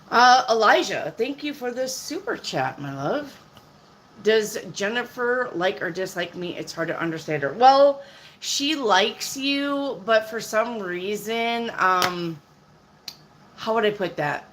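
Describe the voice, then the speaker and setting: A woman's voice: medium pitch, a bit bright, a little hiss or hum, poor audio. A woman in her fifties, a tarot reader on a live stream, answering viewers' questions in a blunt, chatty way. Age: 50s.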